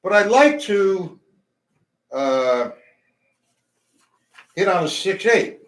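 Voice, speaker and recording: A man's voice: sits high, big pitch swings, very slow. A man teaching a drum lesson, talking between demonstrations and counting beats aloud. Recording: echoey room, mic far off, loud drums.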